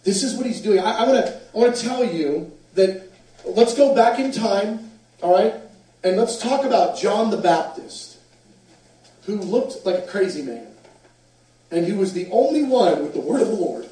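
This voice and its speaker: A man with a fairly high voice preaches with animated storytelling. He is picked up from a distance in a very echoey hall. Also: normal speed. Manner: animated storyteller, acts out quotes. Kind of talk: sermon storytelling.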